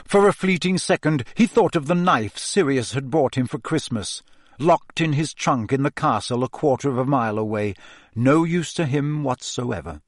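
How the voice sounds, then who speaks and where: A man giving a measured, expressive scripted narration of a fantasy novel. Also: medium pitch, no echo, studio quality. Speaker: audiobook narrator.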